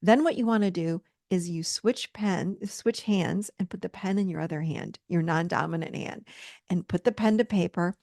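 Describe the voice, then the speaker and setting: Encouraging woman with a gravelly edge. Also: on the low side, normal speed, no room sound, studio quality. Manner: warm, encouraging, repeats phrases for emphasis. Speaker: coach and course host. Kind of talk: teaching a self-help course.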